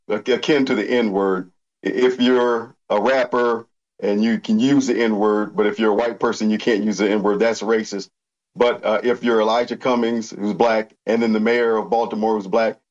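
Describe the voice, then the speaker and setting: A man's voice: lowish voice, lo-fi sound. A man giving political commentary as a panel guest, hesitant with many fillers and restarts.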